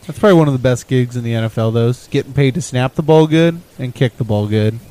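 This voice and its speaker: A man's voice: medium pitch, quick pace, warm tone, poor audio. A young man in easygoing, casual sports chat.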